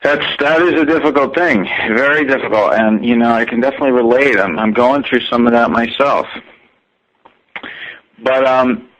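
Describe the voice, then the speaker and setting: A man's voice: medium pitch, moderate pace, a bit bright, highs cut off. A man co-hosting a casual podcast conversation over a call, rambling and hesitant with many fillers. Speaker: co-host interviewer. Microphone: remote call.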